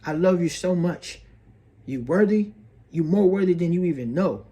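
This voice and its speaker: A man's voice: high voice, expressive, moderate pace, mellow. A man hosting an astrology video, earnest and preachy, repeating phrases and calling the listener bro and sis. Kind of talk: motivational astrology monologue.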